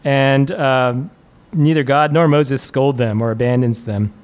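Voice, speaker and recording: A man's voice: medium pitch, measured pace, a little mellow. A man preacher giving a casual, conversational sermon, chuckling often and using many fillers.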